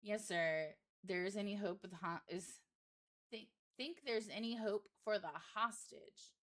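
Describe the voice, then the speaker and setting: A man's voice: high-pitched, measured pace, fairly bright tone. A woman voicing an eager young male deputy in a horror game, stumbling a little as she reads. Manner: plainly read, stumbling over words.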